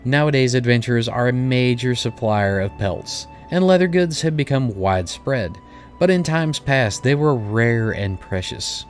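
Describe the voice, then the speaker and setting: A proud, long-winded male guild receptionist gives a stately welcome to new recruits, as a man reads his lines aloud. The voice sits at an ordinary middle pitch. Soft game music plays quietly underneath. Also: lively intonation, moderate pace, lightly acted. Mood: formal.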